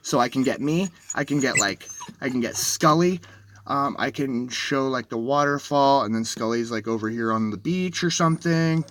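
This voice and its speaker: Bright-voiced agitated man rambling in a vlog. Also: mid-range voice, moderate pace, slight background noise. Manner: rambling, restarts and self-corrections; agitated, shaky storytelling. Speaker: livestreamer. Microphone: dashboard camera.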